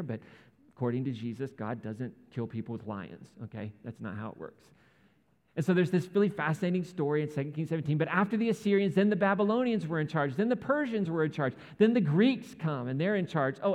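Man, pastor, sermon, animated storytelling, fairly high voice, echoey hall.

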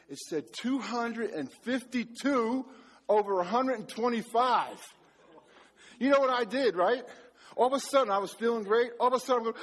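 A man preaching a sermon as pastor to a live congregation, telling stories in an animated, self-mocking way and joking with the audience. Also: high-pitched. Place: church before a live audience.

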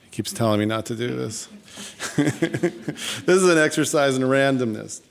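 A man's voice: mid-range voice, unhurried, creaky. A man hosting a live stage show, chatty and self-deprecating as he talks to the audience. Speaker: show host.

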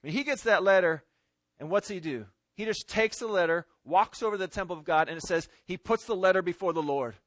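Male pastor, sermon, fairly high voice, dry close sound, emphatic then hushed. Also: animated, fairly quick, no room sound. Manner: swings between loud emphatic stress and hushed pleading. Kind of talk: sermon with scripture reading.

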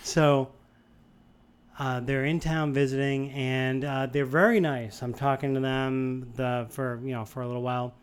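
Smooth-voiced man telling a story. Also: medium pitch, unhurried. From Boston area, USA. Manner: rambling, animated storytelling with many restarts. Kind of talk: casual chat.

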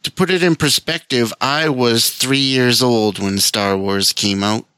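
Laid-back bright-voiced man hosting. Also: mid-range voice, a little slow, smooth, no room sound. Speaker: podcast host. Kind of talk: casual podcast chat.

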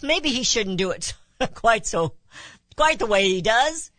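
A woman's voice: a little high, expressive, measured pace, fairly bright tone, dry recording. A woman hosting a talk radio show, delivering an impassioned opinion monologue full of rhetorical questions.

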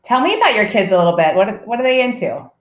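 Casting: middle-aged woman host, fast, eager questions, mid-pitched voice, roomy echo. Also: sing-song. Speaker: podcast host. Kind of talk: interview hosting.

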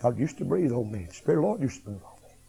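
A middle-aged man preaching a revival sermon, swinging from hushed tones to shouting. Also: mid-range voice, very animated, racing, vocal fry, soft background music, poor audio.

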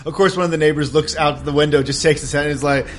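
A man's voice: fairly even intonation, fast talker, slight background noise. A man playing a tabletop horror game, narrating his character's actions with frequent laughter. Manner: laughing, bursts into high shouted character lines. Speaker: player.

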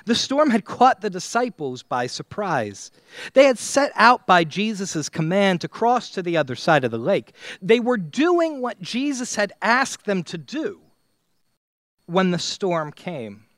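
Slow, lively-pitched man preaching. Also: no room sound, studio quality. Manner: slow, dramatic preaching with long pauses and sweeping pitch. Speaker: pastor. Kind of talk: sermon. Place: church.

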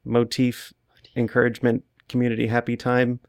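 A man leading a casual interview with a gravelly, fry-tinged voice at a middle pitch. His delivery is dry, with offhand joking asides between the questions. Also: monotone, normal speed. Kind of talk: casual chat.

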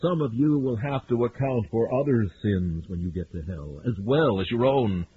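A man preaching a fiery sermon, swinging from hushed warnings to loud cries. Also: medium pitch, lively intonation, normal speed, husky. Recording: narrow lo-fi radio broadcast with faint hiss.

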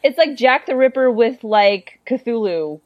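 A woman co-hosting a casual comics podcast, blunt and quick to laugh. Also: a little high, expressive, no echo, muffled recording. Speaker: podcast co-host reviewing comics. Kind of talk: casual chat.

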